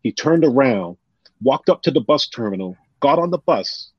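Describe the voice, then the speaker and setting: A man telling personal stories on a podcast in an animated, casual way, often acting out what others said. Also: mid-range voice, normal speed, slightly rough, no echo. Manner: animated, retells scenes with quoted voices. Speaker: guest. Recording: dull lo-fi sound.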